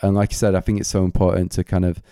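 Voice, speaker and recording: A man's voice: low voice, level tone, very fast, mellow, smooth, no room sound, clean studio sound. A man hosting a solo Q&A podcast late at night, his voice going a bit, rambling with lots of filler words like "kind of" and "like". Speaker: podcast host.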